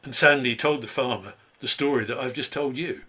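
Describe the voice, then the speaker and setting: A man telling a traditional folk tale aloud in a lively, dramatic way over a video call, from a home room. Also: mid-range voice, fairly quick, breathy edge. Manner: lively, dramatic, voices characters. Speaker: storyteller. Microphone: computer mic on video call.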